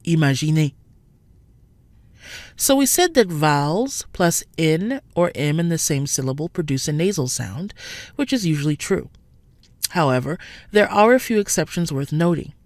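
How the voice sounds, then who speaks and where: A woman narrating a scripted French pronunciation lesson, speaking clearly and slowing down to model each sound. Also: low-pitched, sing-song, darkish tone, dry recording.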